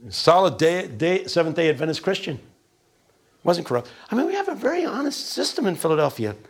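Lecturer, animated delivery with lively pitch swings and a gravelly edge, rhetorical questions. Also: male voice. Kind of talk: classroom lecture.

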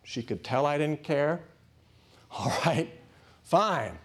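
A man's voice: on the high side, expressive, slow pace, husky. A middle-aged man, a former hospital chaplain, telling a story to a class, dropping to whispers and acting out voices. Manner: dramatic, drops to whispers and acts out voices.

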